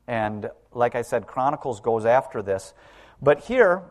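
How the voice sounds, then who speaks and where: A man's voice: mid-range voice, very animated, measured pace. A man preaching a sermon in a conversational way, often asking the congregation rhetorical questions.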